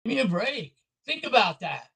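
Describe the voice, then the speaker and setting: Heated high-voiced man ranting. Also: sing-song, moderate pace, vocal fry, a bit bright, husky, poor audio. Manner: heated, repetitive, blunt. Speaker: vlogger. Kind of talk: angry political rant to camera.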